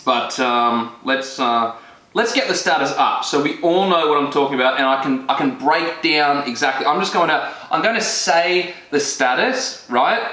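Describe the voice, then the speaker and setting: A man's voice: fairly high pitch, measured pace, bright, forceful tone. An Australian man vlogging about fishing in a casual, rambling way, joking at his own expense and often restarting his sentences. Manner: rambling, jokey, self-deprecating, many restarts. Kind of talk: casual vlog chat. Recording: echoey room.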